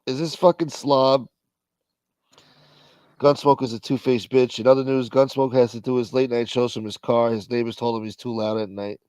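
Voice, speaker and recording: A man's voice: fairly even intonation, normal speed, darkish tone, dry recording. A man trading profane jabs on a live talk stream, mocking and brash. His voice sits in an ordinary middle range. The sound is dry and close, with no room around it. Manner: profane, mocking, puts on squeaky voices in bits. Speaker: live show host. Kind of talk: profane casual banter.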